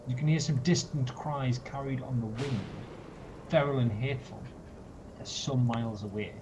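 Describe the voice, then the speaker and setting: A man's voice: mid-range voice, moderate pace. A man narrating a tabletop game as game master, in a descriptive, dry and wry manner. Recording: dull, noisy online call audio.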